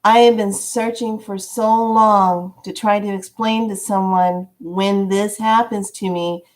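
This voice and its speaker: A woman acting out an earnest, emotional female stranger who confesses in a slow, heartfelt, searching way. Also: mid-range voice, steady tone, close to an everyday voice.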